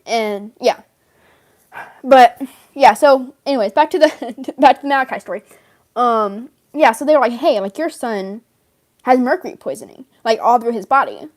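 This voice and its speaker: A woman's voice: on the high side, expressive, normal speed, a little mellow. A woman rambling through an in-character story, filling her talk with "like" and laughing often. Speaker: fan role-player in character.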